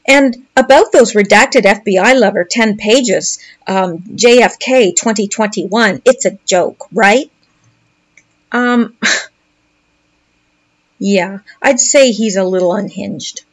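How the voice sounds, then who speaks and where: A woman's voice: medium pitch, slow. A woman commentator reading posts aloud and commenting on them in a sarcastic, mocking way.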